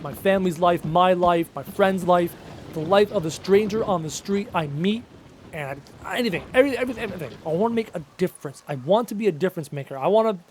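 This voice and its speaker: High-voiced man streaming a game. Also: a little mellow, slight background noise. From Canada. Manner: emphatic and repetitive, answering chat aloud. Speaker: gaming streamer. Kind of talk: casual live-stream chat while playing.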